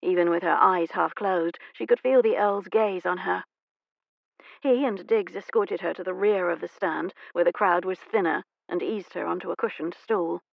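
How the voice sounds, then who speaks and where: A woman narrating a romance audiobook in a measured, even storytelling manner. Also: on the low side, vocal fry, no room sound, dull audio. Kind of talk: scripted narration.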